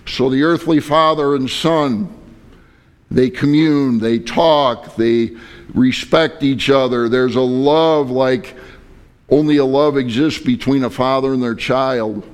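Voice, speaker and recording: A man's voice: medium pitch, slow pace, clear, resonant tone. A male pastor preaching a sermon and telling a personal story in a conversational, dramatic way.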